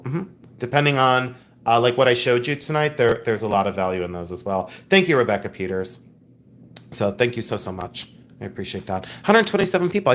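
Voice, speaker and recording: A middle-aged man hosting a casual livestream from home, chatty and playful, reading viewer comments aloud. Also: medium pitch. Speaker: livestream host.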